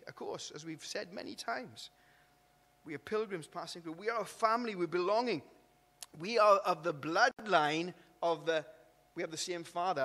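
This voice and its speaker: Preaching in a church hall with a long reverb tail, a Welsh pastor speaks in a slightly high, pushed, bright voice. He keeps it conversational, restarting and repeating words and asking "isn't it?".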